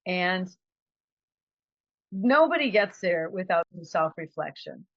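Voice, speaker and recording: A woman's voice: fairly low pitch, lively intonation, takes it slowly, dry recording, lo-fi sound. A woman giving a conversational, reflective motivational talk as a trainer. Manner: conversational, reflective, acts out quotes.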